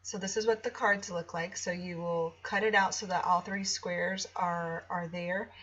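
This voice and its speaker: A woman's voice: fairly low pitch, steady tone, unhurried, fairly bright tone, muffled recording. A woman teacher walking listeners through classroom activities in a chatty, explanatory way, with frequent ums and restarts. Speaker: teacher-author showing a product. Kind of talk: casual screen walkthrough.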